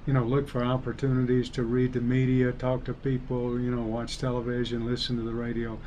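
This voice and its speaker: An older man from Alabama, an engineering professor, speaking in a relaxed, thoughtful way with a softened Southern US accent in a casual interview. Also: mid-range voice, a little fast, dull audio, a little hiss or hum. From Alabama, United States.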